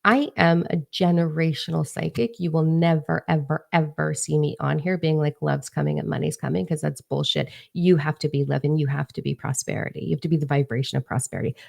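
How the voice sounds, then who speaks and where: Brash low-voiced woman with gravelly fry. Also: fairly even intonation, brisk, hardly any pauses, darkish tone. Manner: brash, profane, emphatic. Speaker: spiritual coach and psychic. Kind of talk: livestream talk to viewers. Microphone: phone.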